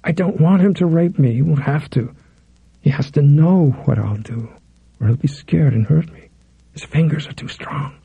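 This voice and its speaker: A man's voice: normal speed, gravelly, dark tone, breathy edge, no room sound, lo-fi sound, full character voice. A man voicing a terrified pleading young woman. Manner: breathless, pleading, raised pitch.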